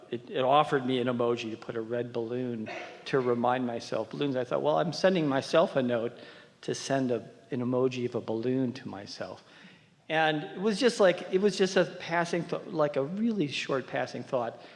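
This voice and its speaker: A man from the audience, up on stage at a workshop, speaking haltingly and searching for his words. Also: mid-range voice. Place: large hall at a live workshop. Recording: echoey hall with long reverb.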